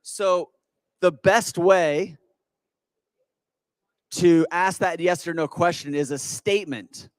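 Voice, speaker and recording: A man giving an energetic, persuasive stage talk at a business expo, quizzing the audience with rhetorical questions. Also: high-pitched, slow pace, pauses often, clear, resonant tone, no room sound. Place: conference hall with audience.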